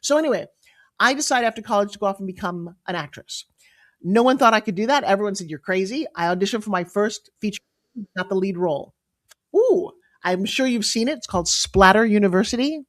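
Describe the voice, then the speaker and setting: A middle-aged woman being interviewed as a guest, telling her stories in a lively, emphatic way with quick asides. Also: medium pitch. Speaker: guest, entrepreneur and pitch coach. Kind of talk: animated storytelling interview.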